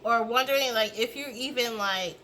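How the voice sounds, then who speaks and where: A woman's voice: a little high, normal speed, sharp tone, slight background noise, rough recording. A woman giving a casual tarot reading, rambling and swearing freely as she acts out reactions. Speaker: tarot reader.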